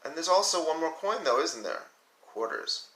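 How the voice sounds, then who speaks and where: A male teacher giving a recorded lesson for young children, patiently counting aloud slowly with his pupils. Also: a little high, big pitch swings, fairly bright tone, echoey room, low-quality recording.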